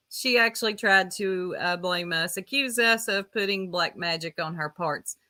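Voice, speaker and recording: A woman's voice: medium pitch, a little slow, hardly any pauses, bright, forceful tone. A woman with a Southern US accent hosting a casual livestream, chatting and teasing while greeting viewers by name. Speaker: livestream host.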